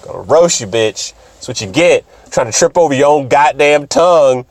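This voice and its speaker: A young man doing a profane, excitable, rambling comedic recap of an anime. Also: fairly high pitch, normal speed. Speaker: video host.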